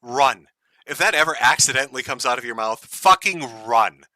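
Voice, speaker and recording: Sarcastic, bright-toned streamer guy. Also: medium pitch, expressive, normal speed, no room sound, rough recording. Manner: sarcastic, crude, laughing often. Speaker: streamer reacting to a clip. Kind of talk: mocking live commentary.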